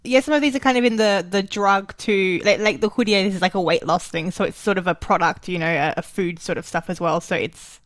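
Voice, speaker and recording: A woman's voice: mid-range voice, steady tone, fairly quick, hardly any pauses, no room sound. Woman running a book club chat, lots of like and restarts, dry close sound. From Australia. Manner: chatty, many "like" fillers and restarts. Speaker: book club member leading discussion. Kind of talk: casual book discussion.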